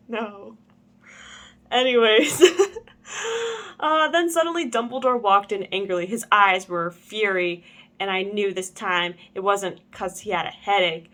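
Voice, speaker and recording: A woman's voice: on the high side, normal speed, a bit bright. Giggly young woman reading a fan story. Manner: giggly, stumbles over words and rereads them. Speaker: channel host. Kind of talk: reading a fan story aloud with comic commentary.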